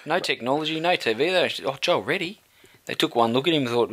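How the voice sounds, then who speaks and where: A man's voice: a little high, expressive, fast talker, fairly bright tone. An Australian man co-hosting a sports podcast, firing off crude, mocking wisecracks. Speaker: podcast co-host.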